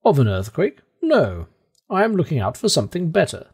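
A man's voice: fairly high pitch, a little fast, husky, voice pushed up, exaggerated voice. A man doing an unflappable old professor. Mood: calm. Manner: calm, matter-of-fact, self-assured. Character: older male professor, calm and unshakable.

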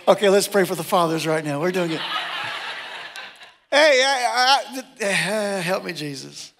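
A middle-aged male pastor preaching a sermon, animated and joking, acting out the people he quotes. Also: sits high, takes it slowly, creaky, long pauses, noisy background. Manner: animated, jokey, acts out quotes.

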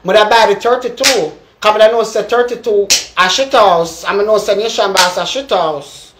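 A woman's voice: fairly high pitch, a little hiss or hum. Ranting Jamaican woman, heated and confrontational. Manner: heated, repetitive, confrontational, calling someone out. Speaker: social media personality. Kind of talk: ranting live video.

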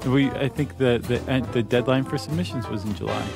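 A man's voice: medium pitch, brisk, vocal fry, over music. Wry man hosting a podcast. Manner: wry, teasing banter. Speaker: podcast co-host. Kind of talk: casual chat.

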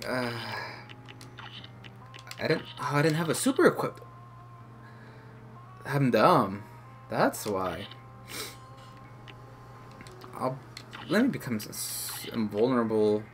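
A man giving excitable let's play commentary as a gaming YouTuber, muttering and groaning at the game. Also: medium pitch. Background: game music.

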